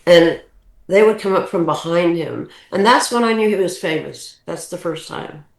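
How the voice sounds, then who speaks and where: A woman's voice: lowish voice, normal speed. A woman in her sixties, a podcast guest, telling family stories in a casual, rambling way with many restarts. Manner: animated, rambling anecdotes with restarts. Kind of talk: casual storytelling. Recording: roomy echo.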